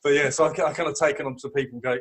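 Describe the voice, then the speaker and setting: A man talks quickly in relaxed podcast conversation, spinning anecdotes with frequent laughter. His voice is husky. He rushes through his stories with easy humor. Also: mid-range voice. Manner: chatty storyteller, laughs often. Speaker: podcast guest. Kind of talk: casual chat.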